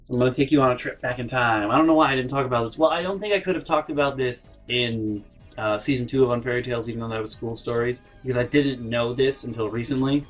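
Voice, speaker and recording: A man's voice: mid-range voice, fast talker, a bit bright, faint music behind, rough recording. A young man telling a funny story from his life in a casual, rambling way, with frequent swearing and mock-indignant asides. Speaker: storytelling vlogger.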